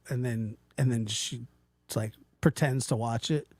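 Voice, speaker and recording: A man hosting a casual livestream, talking to his chat in a rambling, animated way, often stopping and restarting. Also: medium pitch, moderate pace, dry recording. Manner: animated, rambling, self-interrupting, mimics voices in quotes. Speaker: livestream host reading chat.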